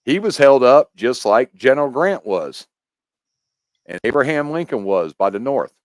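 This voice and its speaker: A man from the United States, a podcast guest talking in a casual chat, explaining in a rambling, animated way with many restarts. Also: medium pitch, moderate pace, dry recording.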